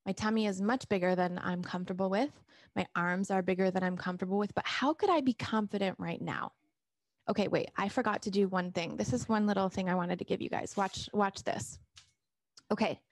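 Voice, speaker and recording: A woman's voice: mid-range voice, a little fast, dry recording, clean studio sound. A middle-aged woman talking casually to her viewers on a live stream, restarting sentences and reading out their comments as a weight loss coach. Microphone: camera mic.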